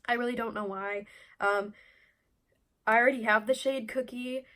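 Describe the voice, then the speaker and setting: A woman's voice: fairly high pitch, fairly even intonation, moderate pace, fairly bright tone. Blunt, chatty young woman vlogging. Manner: blunt, chatty, rambling with many fillers. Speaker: beauty vlogger. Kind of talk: casual opinion vlog.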